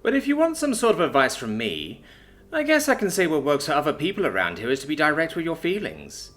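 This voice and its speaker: A man's voice: a little high, wildly swooping pitch, brisk, fairly bright tone, soft background music, voice pushed up. A man voicing a seasoned female soldier, matter-of-fact and wry, sometimes stern. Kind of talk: audiobook character voice.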